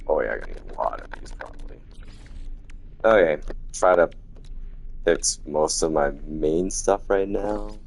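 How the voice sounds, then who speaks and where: A man giving low-key, casual commentary while playing a video game on stream, muttering to himself as he goes. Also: lively intonation, unhurried, vocal fry, pauses often. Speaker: gaming streamer.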